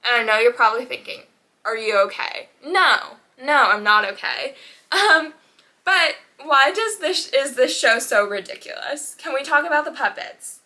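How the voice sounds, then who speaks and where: A woman's voice: high voice, expressive, moderate pace, pushed and bright. A young woman vlogging in casual chat, talking animatedly with dramatic rants and laughs.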